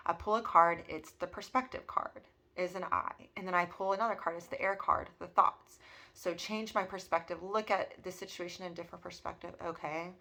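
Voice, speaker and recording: A woman's voice: on the low side, steady tone, brisk, vocal fry, pushed and bright. A woman in her thirties talking earnestly and emotionally about personal healing, with many fillers. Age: 30s. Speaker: spiritual vlogger. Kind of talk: personal reflective monologue.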